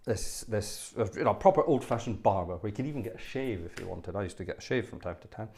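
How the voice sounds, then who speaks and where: A man's voice: on the low side, animated, quick pace, darkish tone. A man hosting a livestream, telling rambling personal anecdotes with plenty of fillers and wry, self-deprecating humour. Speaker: livestream host and organist. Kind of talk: casual storytelling.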